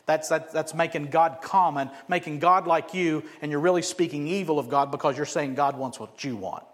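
A man preaching a sermon as pastor, animated and often asking the congregation questions. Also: a little high, moderate pace. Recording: echoey hall.

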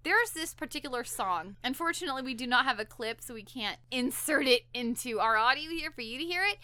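A young woman talks through a show's plot for her podcast in a lively, casual way, popping into quick voices for each character. Her voice is bright and sits a little high. The recording is dry and close. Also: no echo. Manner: animated, acts out characters' lines while retelling. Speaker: podcast co-host. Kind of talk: casual chat recapping an episode.

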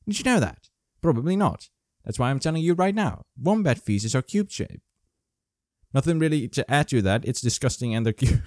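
A man hosting his own casual video, joking and rambling through animal facts in a playful, animated way. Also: medium pitch, no echo, studio quality. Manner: playful, jokey, animated, full of asides. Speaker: vlog host. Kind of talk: casual comedic fact-sharing monologue. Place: Germany.

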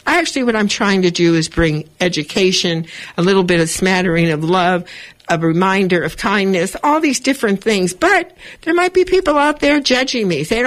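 A woman hosting a community radio show from the studio, talking to listeners in an animated, self-affirming, chatty way. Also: medium pitch, fairly quick.

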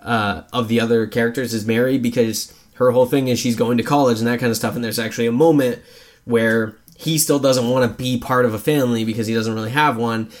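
A male co-host of a laid-back movie review podcast speaks quickly in a medium-pitched voice. He's animated and loose, swears without restraint, and performs quoted scenes in raised voices.

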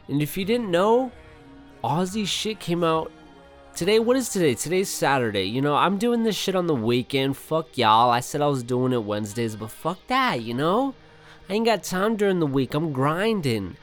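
A man's voice: on the high side, sing-song, unhurried, soft background music. A young man hosting his own podcast alone, talking casually in a loose, profane, rambling way. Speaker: podcast host. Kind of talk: casual solo podcast chat. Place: home setup, Arizona.

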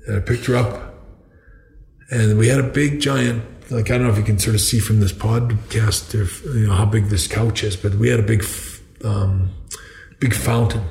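Gravelly older man telling rambling stories. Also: lowish voice, steady tone, normal speed, darkish tone. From Canada. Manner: rambling, restarts often, laughs at his own stories. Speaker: podcast guest. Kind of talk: casual storytelling. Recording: echoey room.

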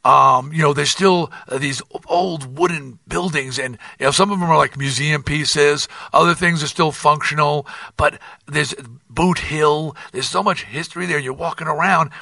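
An older man hosting his own podcast, telling a rambling, animated story with many restarts and asides. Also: a little high, moderate pace, gravelly, few pauses, no room sound, recorded from a distance. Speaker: podcast host. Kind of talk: casual monologue.

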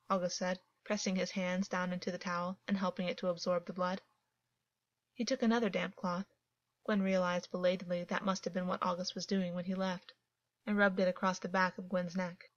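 A woman reading fiction aloud as a narrator, calm and even in her storytelling. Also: lowish voice, brisk, no room sound. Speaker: audiobook narrator. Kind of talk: scripted narration. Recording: dull, dry, lo-fi.

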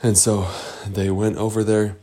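A man improvising a bedtime story for a child, unhurried, explaining words along the way. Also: fairly low pitch, little pitch movement, dark tone.

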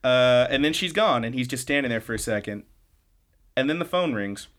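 Animated and a little fast, this man co-hosts a podcast with a medium-pitched, fairly bright voice. His episode recaps are eager and rambling, peppered with "like" and frequent restarts.

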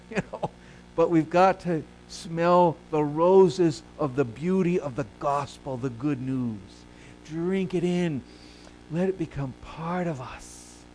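A male pastor preaching a sermon who asks the congregation questions and answers them himself, moving between soft low asides and loud emphatic rises. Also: slow pace, a little hiss or hum, poor audio.

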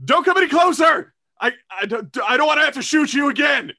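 A man playing a cornered young netrunner woman who pleads in a high, strained voice. She sounds frantic and defensive, her pitch pushed well above a man's usual range. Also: expressive, fairly quick, pushed and bright, exaggerated voice.

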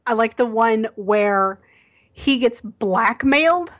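A woman chatting casually as a podcast guest, laughing often and dropping quick asides. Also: on the high side, animated. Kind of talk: casual chat.

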